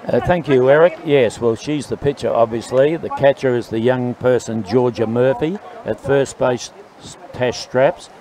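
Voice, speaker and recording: A man giving colour commentary at a local softball game, relaxed and hesitant with many fillers. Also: mid-range voice, moderate pace, hardly any pauses, a crowd in the background, rough recording. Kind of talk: live sports commentary.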